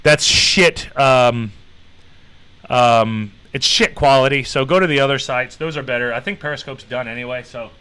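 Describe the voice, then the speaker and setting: A man's voice: medium pitch, normal speed, pushed and bright, clear, resonant tone, poor audio. A man hosting a livestream, chatting casually as he reacts to a documentary and greets viewers in the chat. He rambles, restarts his sentences and swears freely. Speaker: livestream host.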